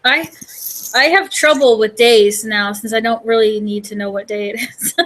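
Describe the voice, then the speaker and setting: Chatty woman vlogger with a higher voice. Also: fairly even intonation, moderate pace, fairly bright tone, low-quality recording. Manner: chatty, rambling with many fillers. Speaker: vlogger and host. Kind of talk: casual chat.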